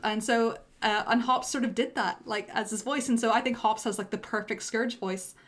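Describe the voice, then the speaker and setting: A woman's voice: on the high side, fairly even intonation, moderate pace. A young woman giving loose, self-deprecating director's commentary on her own animation during a livestream, full of fillers. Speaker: animator and streamer.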